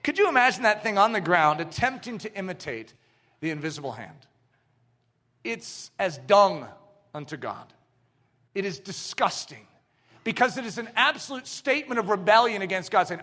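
Emphatic male preacher, high voice with wide swings, delivering a sermon. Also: normal speed. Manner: animated, emphatic, jumps between shouts and hushed lines.

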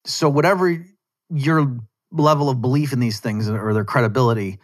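A man's voice: mid-range voice, a little fast. A man hosting a solo podcast, delivering conversational political commentary with rhetorical asides and an argumentative edge. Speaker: podcast host.

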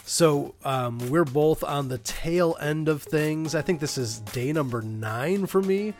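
A man's voice: a little high, measured pace, soft background music. A man hosting a podcast from his home studio, his voice nasal and congested from being ill. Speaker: podcast host.

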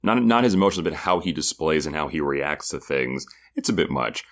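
A man's voice: a bass voice, lively intonation, a bit bright. A man co-hosting a podcast, recapping episodes in a chatty, joking way. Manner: chatty, joking, does quick impressions of people. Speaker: podcast co-host. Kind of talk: casual recap chat.

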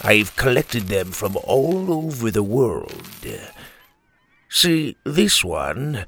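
A man's voice: mid-range voice, very animated, drawn-out words, fairly bright tone, a little hiss or hum, full character voice. A man doing a cocky, sneering pirate captain. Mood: smug, playful. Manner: playful, mocking, theatrical.

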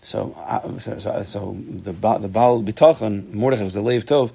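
A man giving a Torah class, animated and emphatic, often restarting his sentences. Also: lowish voice, normal speed, creaky, slightly rough. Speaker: Torah teacher.

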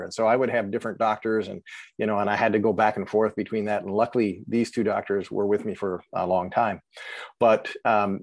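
A man telling his own life story as a podcast guest, halting and earnest, with many pauses and restarts. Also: fairly low pitch, a little mellow, dry recording. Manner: halting, with many ums and self-corrections. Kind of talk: emotional personal storytelling.

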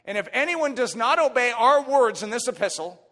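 A man preaching a sermon with emphatic swings from soft to shouted lines, reading scripture in old-fashioned wording. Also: extremely high pitch, expressive, moderate pace. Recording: long hall reverb.

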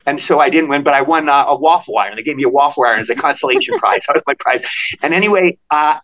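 An older man from Maryland, a podcast guest telling animated anecdotes and acting out the voices of people in them. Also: a little high, fast talker, highs cut off. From Maryland, USA. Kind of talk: storytelling in a podcast interview.

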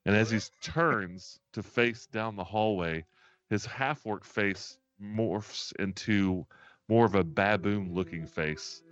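Male game master, lowish voice, relaxed chatty narration over muffled stream audio. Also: slow pace, no room sound. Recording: dull lo-fi stream audio, faint music.

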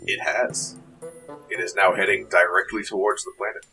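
A man narrating a tabletop game as game master in an animated, amused way. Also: low-pitched, moderate pace, over music, rough recording.

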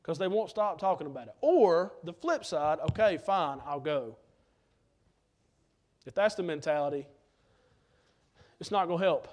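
Male preacher, high pitch, earnest emphatic sermon delivery from the pulpit. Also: animated, normal speed, darkish tone.

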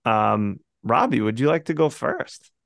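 Man, slow talker, gravelly voice, dry sound, laid-back host. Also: medium pitch, sing-song, fairly bright tone, no room sound. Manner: laid-back, crude joking. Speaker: podcast host. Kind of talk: casual chat.

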